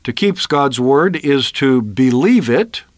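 A man's voice: mid-range voice, lively intonation, slow pace, no echo, clean studio sound. A man giving an earnest, emphatic Bible sermon on the radio, often asking rhetorical questions. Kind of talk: broadcast sermon.

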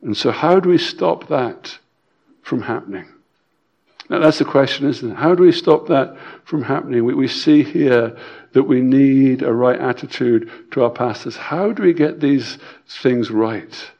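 A man preaching a sermon, emphatic and repetitive, swinging between loud stresses and quiet drops, with some stammered restarts. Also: medium pitch, measured pace, dull audio.

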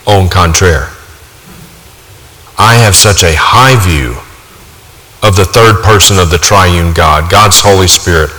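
A man preaching a sermon with forceful, emphatic delivery, repeating his key points for weight. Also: deep voice, slow, long pauses. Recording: long hall reverb.

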